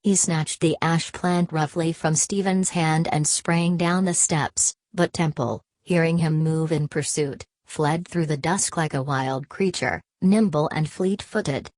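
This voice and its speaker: A woman narrating a classic novel aloud in an even, measured reading, voicing the dialogue mostly in her own voice. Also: low-pitched, dry recording. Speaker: audiobook narrator. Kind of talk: scripted narration.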